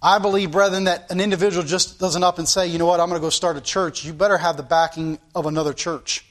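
Pastor, man, high voice, earnest sermon delivery with playful sound effects. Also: fairly even intonation, fast, fairly bright tone. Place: church.

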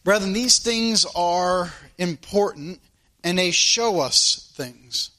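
Earnest high-voiced preacher man. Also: slow pace, bright, forceful tone. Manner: earnest, questioning, repeats phrases. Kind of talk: sermon.

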